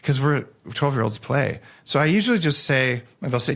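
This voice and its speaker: Man as podcast guest author, animated jokey storyteller, lively pitch jumps. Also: moderate pace, vocal fry. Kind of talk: casual podcast conversation.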